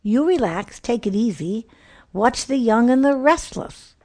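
A woman's voice: fairly high pitch, lively intonation, unhurried, darkish tone, pitched above the performer's own voice. Santa: a woman reading a jolly, knowing Santa. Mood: jovial. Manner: jovial, knowing. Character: jolly, wise old Santa Claus.

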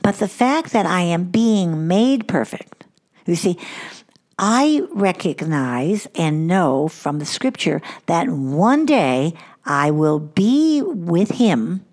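A woman's voice: on the low side, expressive, takes it slowly, darkish tone. An older woman hosting a devotional podcast, talking in an earnest, reflective way and repeating words for emphasis. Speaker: podcast host.

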